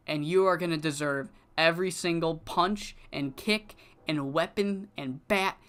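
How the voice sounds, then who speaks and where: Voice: mid-range voice, unhurried, fairly bright tone, natural voice. A streamer voicing a brash young male wrestler cutting a profane, threatening promo against a rival, over faint background music. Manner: profane, menacing trash talk.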